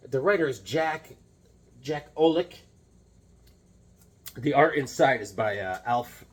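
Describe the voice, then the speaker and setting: A man's voice: mid-range voice, breathy edge. A man chatting casually and enthusiastically about his comic finds, rambling and joking as he goes. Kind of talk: casual chat.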